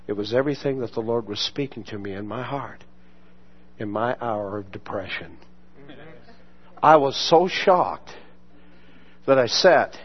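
A man's voice: medium pitch, husky. A male pastor telling a personal testimony in a sermon, acting out the voices he quotes and laughing often. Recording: muffled lo-fi sermon recording.

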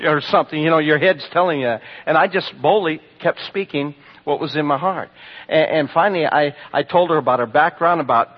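A man preaching, telling testimony stories to a congregation, swinging from loud bursts to hushed lines. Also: fairly high pitch, brisk. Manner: storytelling, animated with sudden loud bursts and hushed drops. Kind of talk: sermon testimony. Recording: dull lo-fi sermon recording.

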